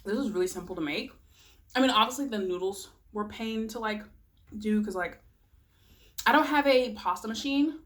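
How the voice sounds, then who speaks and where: A young woman vlogger does a casual mukbang, talking to her camera between bites and rambling about her cooking with soft murmurs. Her voice is middle-pitched for a woman, her pace moderate with frequent pauses, and she giggles easily along the way.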